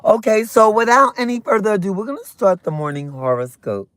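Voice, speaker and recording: This morning livestream host talks fairly quickly in a slightly bright, medium-pitched voice that swings widely up and down, with no room sound. They chat casually with viewers while eating breakfast, adding sassy, playful asides between mouthfuls.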